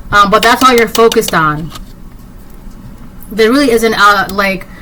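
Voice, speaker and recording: A woman talks through a casual collective tarot reading, wandering from thought to thought with plenty of "like" and "um". Her voice is bright and crisp, sitting at a medium pitch, and she speaks to the viewer in a direct, sassy way. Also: a little hiss or hum, rough recording. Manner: rambling, filler-heavy, with frequent "like" and "um". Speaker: tarot reader.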